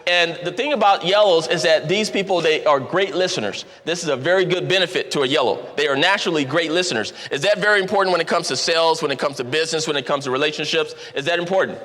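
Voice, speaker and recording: Bright, high-voiced seminar speaker, joking. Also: male voice, quick pace, few pauses. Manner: energetic, jokey, repeats for emphasis. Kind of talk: motivational seminar talk. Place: large event hall. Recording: long hall reverb from a live event.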